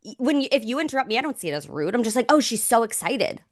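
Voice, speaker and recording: A woman's voice: fairly high pitch, very animated, very fast, dry recording, clean studio sound. A young woman co-hosting a podcast in casual chat, frank, with mild swearing and constant "like". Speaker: podcast co-host.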